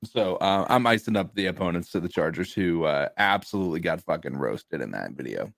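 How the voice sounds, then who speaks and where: Halting, low-voiced podcast co-host man. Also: animated, gravelly, a bit bright, dry recording, studio quality. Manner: halting, full of fillers and restarts. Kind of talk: casual chat.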